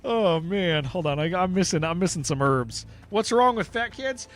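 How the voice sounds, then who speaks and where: Animated, joking male game streamer. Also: high-pitched, normal speed, hardly any pauses. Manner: joking, rambling, laughs often, calls listeners "dude". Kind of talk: casual livestream chat while playing.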